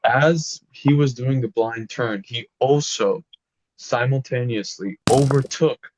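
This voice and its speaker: A man co-hosting a podcast, telling animated stories in casual chat with plenty of swearing. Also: mid-range voice, takes it slowly, noisy background. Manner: animated, swearing, laughing storyteller. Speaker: podcast co-host.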